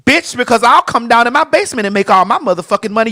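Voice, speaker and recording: A woman from Atlanta, chatting as a podcast guest in a brash, profane, animated storytelling manner. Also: fairly high pitch, quick pace. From Atlanta, Georgia, USA. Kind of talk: casual podcast chat.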